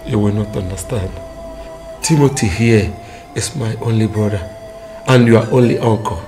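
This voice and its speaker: An actor with a Nigerian accent playing an older, dying Christian father who speaks slowly and gravely. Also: on the low side, darkish tone, natural voice. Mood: solemn. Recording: music playing behind.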